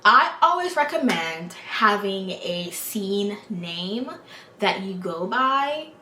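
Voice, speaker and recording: A woman's voice: mid-range voice, very animated, slow, bright, forceful tone, roomy sound, a little hiss or hum. An American woman hosting a podcast, giving frank advice in a blunt, profane, exasperated way. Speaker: podcast host.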